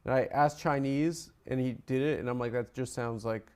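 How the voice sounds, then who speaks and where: A man hosting a podcast, tossing out deadpan, wry one-liners in casual chat. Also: mid-range voice, normal speed, smooth. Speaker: podcast host.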